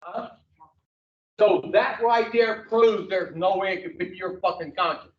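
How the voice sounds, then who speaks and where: A man's voice: high-pitched, measured pace. A man leading an addiction recovery group, lecturing bluntly and profanely and firing rhetorical questions at the room. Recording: distant, echoey, dull room recording.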